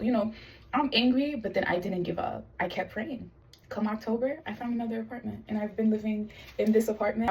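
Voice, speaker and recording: A young woman telling her faith testimony in a casual vlog, animated and full of quoted voices. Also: a little high, far from the mic, low-quality recording. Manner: animated storytelling, quoting God and others in lively voices. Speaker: vlogger sharing testimony.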